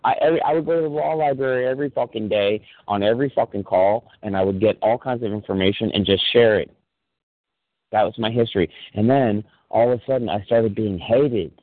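A man's voice: on the low side, a little fast, no echo. Angry swearing man on a tinny phone line. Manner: angry ranting, heavy swearing. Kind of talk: heated phone chat.

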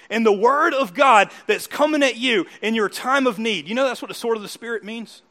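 A man preaching from the pulpit in a high voice, asking his listeners question after question. He builds to loud, emphatic peaks, then drops into quiet, soft asides. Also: a little fast, hardly any pauses. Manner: asks the listeners questions again and again. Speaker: pastor. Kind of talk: sermon.

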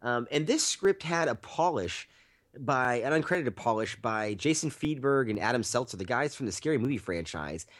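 Male podcast co-host, casual rambling storyteller, profane and laughing, mid pitch. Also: animated, normal speed, a bit bright. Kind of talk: casual movie-review chat.

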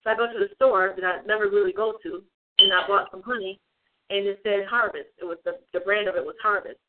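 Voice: mid-range voice, steady tone, quick pace, very noisy. An online religious speaker giving an informal livestream talk, rambling with many fillers and repeated phrases. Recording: tinny phone-like sound.

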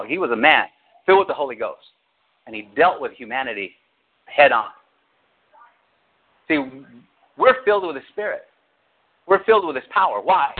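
A male pastor preaching an animated sermon, acting out quotes with big jumps in his voice. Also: a little high, breathy edge. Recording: tinny phone-like audio.

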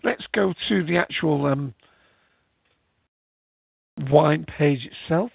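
A man's voice: on the high side, slow, vocal fry, breathy edge, dry recording. Chatty man on a tinny line. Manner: rambling, chatty, many fillers. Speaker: podcast host. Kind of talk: casual live-show chat. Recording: tinny, phone-like, dry sound.

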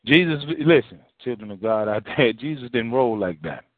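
A man's voice: medium pitch, expressive, normal speed, no room sound. A male pastor preaching a sermon in a folksy, repetitive way, full of rhetorical questions. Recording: tinny phone-line sound, dry.

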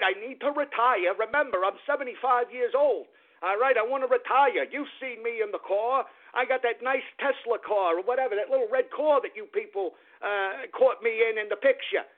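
A man putting on a mocking impression of a smug, boastful old male politician who gloats about taking people's money. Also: very high voice. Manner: gloating, sneering mock confession. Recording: tinny phone-like sound.

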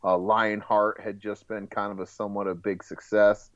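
A man co-hosting a casual movie podcast, relaxed, sharing film trivia and laughing along. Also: fairly low pitch, normal speed, dry recording. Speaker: podcast co-host. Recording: dry, dull lo-fi mic.

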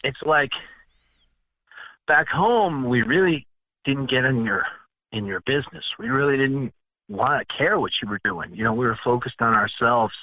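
A man's voice: mid-range voice, expressive, normal speed, no echo, highs cut off. A man from the Northeastern United States hosting a casual chat, telling stories in a boastful, mock-arrogant way. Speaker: podcast host.

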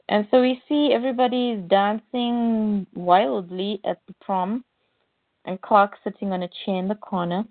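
A woman's voice: mid-range voice, steady tone, measured pace, dry recording. A woman retelling a comic book in casual chat, reading the lines aloud with small voice changes. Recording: dry tinny phone-like sound.

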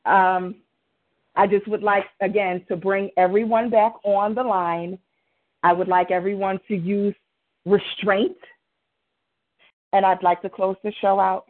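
A woman's voice: mid-range voice, steady tone, a little slow, long pauses. A woman hosting a live call-in radio show, speaking formally and trying to restore order. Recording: narrow phone-line sound.

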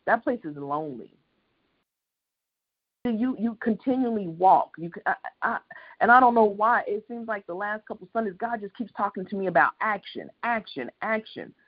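A preacher giving an impassioned, repetitive sermon on a prayer line, building to loud peaks. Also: mid-range voice, lively intonation, normal speed, dull audio.

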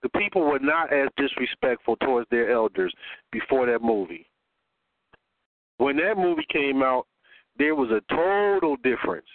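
A man's voice: mid-range voice, moderate pace, no room sound. An older man calling in, making his points in a preachy, emphatic way. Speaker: caller. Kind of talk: impassioned phone-in commentary. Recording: dry, tinny phone line.

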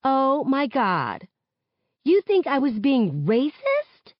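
A woman's voice: high-pitched, wildly swooping pitch, takes it slowly, dry recording, dull audio, voice pushed up, full character voice. A woman doing a brash, defensive teen girl. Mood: indignant. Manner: loud, sharp and exasperated.

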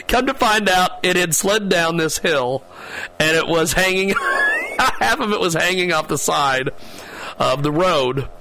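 A man hosting a radio talk show, chatting in a rambling, halting way with frequent laughter. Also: sits high, wildly swooping pitch, background noise. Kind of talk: casual radio chat.

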